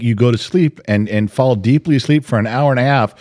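A man's voice: medium pitch, a little fast, darkish tone, no room sound, clean studio sound. A man co-hosting a podcast in casual chat, teasing, blunt and swearing. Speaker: podcast co-host.

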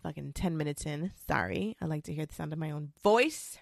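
A woman's voice: sits low, fairly quick, creaky, dry recording, clean studio sound. Blunt, profane young woman ranting. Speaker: vlogger. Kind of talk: casual rant to camera.

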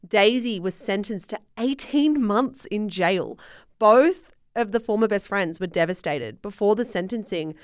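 A woman co-hosting a podcast, reading a scripted history story in a relaxed, thoughtful way with soft "mm" fillers. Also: medium pitch, measured pace, smooth, no echo, clean studio sound. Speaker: podcast co-host.

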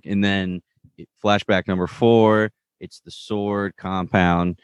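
Low-voiced male co-host, relaxed recap talker, dry close mic. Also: slow, smooth, no echo, dull audio. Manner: relaxed, retells scenes with loose paraphrased quotes. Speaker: podcast co-host recapping a TV episode. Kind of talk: casual chat.

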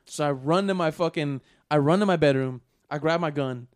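A man spins a casual story for his podcast friends, words tumbling out fast. His voice sits a touch high for a man, and he peppers everything with fillers and swearing. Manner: rambling, profane, lots of fillers.

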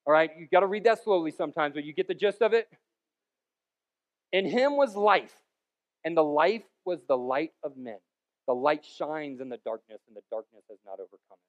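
A male pastor with a high voice delivers a sermon full of playful, wandering asides. His delivery swings between loud, emphatic bursts and softer stretches. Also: animated, normal speed. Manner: jokey, rambling asides with sudden loud peaks.

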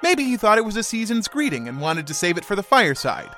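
Lively, high-voiced man narrating a promo. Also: fast talker, faint music behind. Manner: wry, storytelling. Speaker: podcast host in an ad. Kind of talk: scripted narration.

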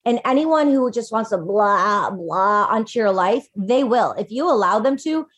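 A woman life coach talking casually in a podcast conversation, animated and full of "like", acting out little quotes. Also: mid-range voice, measured pace. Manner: chatty, animated, acts out quotes, fillers of "like".

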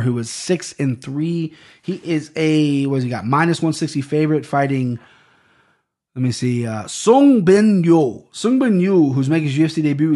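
A man's voice: a little high, darkish tone. A young man hosting a casual fight-picks podcast at a desk microphone, rambling, swearing and tripping over names. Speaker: sports betting podcast host.

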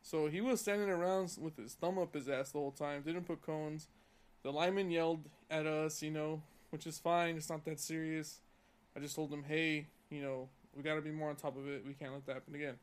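A man's voice: a little high, fairly even intonation, brisk. A young man from California on a casual podcast, telling a profane, heated story about work. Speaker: podcast co-host.

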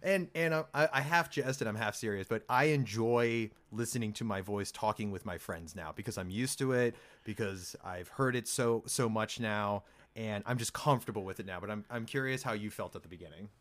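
A man guesting on a podcast in casual chat, asking halting questions and joking about himself. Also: fairly low pitch, fairly bright tone. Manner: playful, self-mocking, halting questions. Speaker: podcast guest and co-host of another show.

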